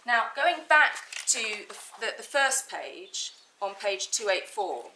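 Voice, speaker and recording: A woman barrister making a formal legal argument to judges in a courtroom, measured and precise, stressing key words. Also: medium pitch, sing-song, sharp tone, slight background noise, low-quality recording.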